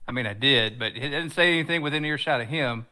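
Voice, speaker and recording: A man's voice: medium pitch, quick pace, sharp tone. A man talking bluntly and jokingly as a player in a tabletop game. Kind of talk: casual tabletop game talk.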